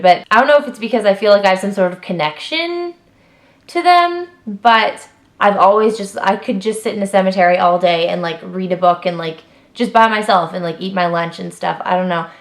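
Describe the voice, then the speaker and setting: A chatty young woman talks straight to her camera, rattling through personal facts in an easy, unscripted way. Her voice sits at an ordinary middle pitch and leaps up when she gets worked up, with plenty of "like" and trailing asides. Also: a little fast. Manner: chatty and animated, lots of fillers, jumps up in pitch when emphatic. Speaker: vlogger.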